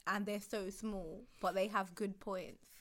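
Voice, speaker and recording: A woman's voice: mid-range voice, level tone, a little slow, fairly bright tone, a little hiss or hum. A woman co-hosting a casual podcast about motherhood, talking frankly and at length. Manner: frank, reflective, talks at length. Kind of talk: casual chat.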